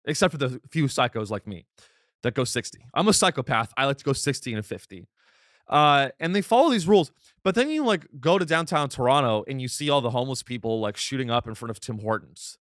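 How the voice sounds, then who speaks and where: A man hosting a comedy podcast, delivering a deadpan, rambling satirical monologue full of restarts. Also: medium pitch, quick pace, no room sound, studio quality. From United States.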